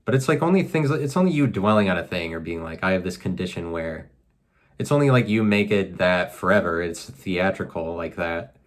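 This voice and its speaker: A man's voice: sits low, lively intonation, a little fast. A man hosting a solo podcast from his apartment, musing aloud in a rambling, self-mocking way full of fillers. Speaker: podcast host. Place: apartment room.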